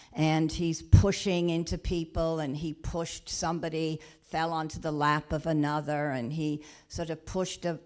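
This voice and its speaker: A woman minister retelling a story in a sermon, gentle and halting, with frequent restarts. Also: low voice. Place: church or spiritual center.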